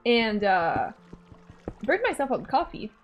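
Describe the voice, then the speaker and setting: A young woman from Canada, a streamer telling a story in a casual, animated way, swearing and laughing often. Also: on the high side, slow pace, dull audio, faint music behind. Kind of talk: casual storytelling while gaming.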